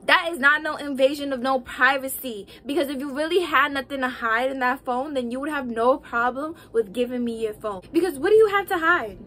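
A young woman vlogging casual relationship advice, sassy and animated, talking straight to the viewer. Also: sits high, a little fast, few pauses.

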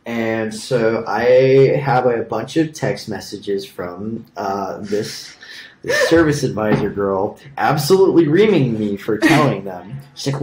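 A man's voice: lowish voice, expressive, measured pace, a little mellow. A young man co-hosting a casual podcast, telling a rambling story full of fillers and asides. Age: young adult. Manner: rambling, filler-heavy, laughs at own stories. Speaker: podcast co-host. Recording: echoey room.

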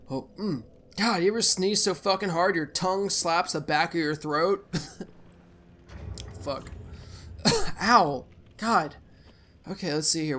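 A young man hosting a let's play, giving rambling, profane gameplay commentary with sudden loud outbursts. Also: a little high.

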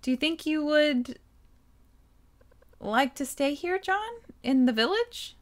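A woman's voice: high-pitched, animated, voice pushed up. Woman voicing a shy hesitant young woman. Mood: flustered. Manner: hesitant, halting. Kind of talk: reading game dialogue aloud.

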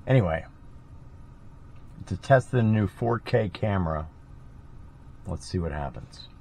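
Gravelly, very low-voiced man in a car. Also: lively intonation, measured pace, darkish tone. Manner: rambling, offhand. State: denture glue in mouth. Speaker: vlogger. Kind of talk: casual vlog narration. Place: inside a car. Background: car and tire noise.

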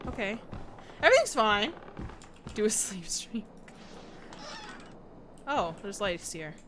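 A woman's voice: medium pitch, big pitch swings, slow, background noise. A woman livestreaming a horror game, frightened and jumpy, chatting with viewers and reading prompts aloud. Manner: jumpy, nervous, talks to chat, reads tutorial prompts aloud.

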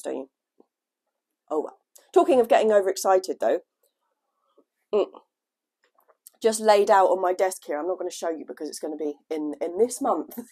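A woman chatting casually at home on her gardening vlog, her voice lowered by a cold, laughing at herself now and then. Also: a little mellow, slightly rough. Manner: chatty, self-deprecating, laughs often. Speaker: gardening vlogger. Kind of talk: casual chat. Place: at home indoors, at a desk.

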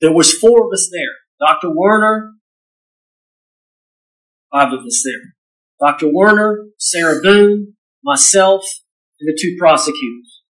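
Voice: mid-range voice, expressive, a little slow, long pauses, low-quality recording. An attorney giving a courtroom rebuttal, recounting events in short, clipped phrases. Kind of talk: courtroom argument.

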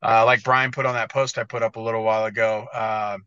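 A man's voice: fairly low pitch, flat delivery, fairly quick, pushed and bright, smooth, no room sound. A man co-hosting a casual podcast, telling rambling, profane stories. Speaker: podcast co-host, motocross editor. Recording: dull, dry lo-fi audio.

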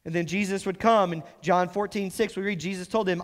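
A man with a high voice preaches a sermon, reading scripture and explaining it. He slows down and lifts his voice to press home the words that matter. His voice rings with a long reverb through a church sanctuary. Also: fairly even intonation. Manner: explains scripture with emphatic rises and slow stressed phrases. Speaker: pastor.

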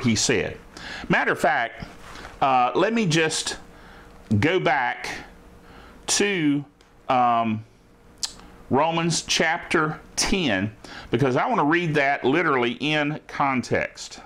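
A male pastor with a fairly high voice delivers a teaching sermon. He reads scripture slowly and stresses each phrase, then checks in with the listeners with "Amen?" and "All right?". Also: lively intonation, fairly bright tone.

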